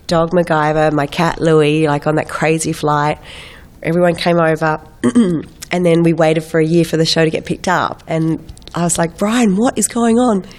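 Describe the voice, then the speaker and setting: An Australian woman in her thirties tells stories in a lively, chatty way, slipping into quick impressions. Her voice sits a little low for a woman and carries the slight stuffiness of a lingering head cold. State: getting over a head cold. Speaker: guest actress. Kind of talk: casual chat.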